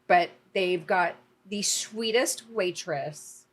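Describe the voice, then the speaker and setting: A woman's voice: fairly low pitch, slow pace. Chatty woman host. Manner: chatty storyteller, drawling, rambling with filler words. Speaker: podcast host. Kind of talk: casual podcast chat.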